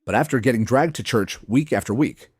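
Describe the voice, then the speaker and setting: A man reading scripted documentary narration in a brisk, dramatic way. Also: medium pitch, heavy background noise.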